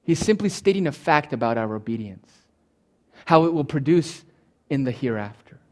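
A man preaching a sermon as pastor, rising to loud emphatic peaks and dropping to soft low asides, sometimes acting out the listener's imagined thoughts. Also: expressive, moderate pace. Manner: acts out the listener's imagined thoughts in quoted voices.

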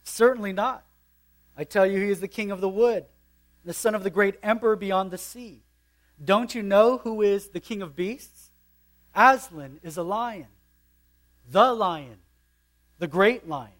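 A man voicing a stern male beaver in a read-aloud storybook passage, speaking insistently and loudly. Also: sits high, big pitch swings, slow pace, creaky, hardly any pauses, full character voice.

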